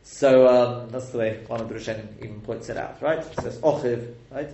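A man's voice: medium pitch, a little fast, creaky, warm tone, lo-fi sound, a little hiss or hum. A man teaching a text lesson, explaining step by step and quizzing his listeners with rhetorical questions. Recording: echoey room.

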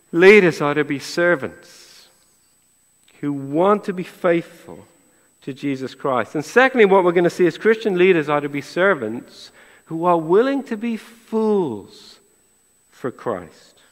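Higher-voiced male preacher, echoing church. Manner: conversational, playfully sarcastic, rhetorical questions. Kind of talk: sermon.

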